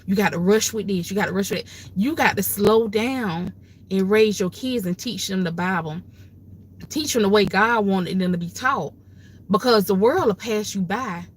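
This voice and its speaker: An older woman with grandchildren hosts a livestream, handing out emphatic, folksy, preachy advice in a casual manner. Her husky, mid-range voice moves at a normal speed.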